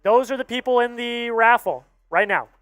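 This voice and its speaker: A man's voice: very high-pitched, moderate pace, a bit bright, no room sound. Casual co-host man, dry sound. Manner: loose, reading viewer names. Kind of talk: casual stream chat.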